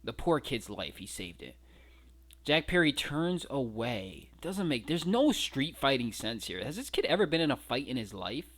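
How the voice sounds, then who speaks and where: A man's voice: medium pitch, very animated, moderate pace, a bit bright. A man giving a casual, incredulous breakdown of fight footage, mocking and swearing freely. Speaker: wrestling commentary vlogger.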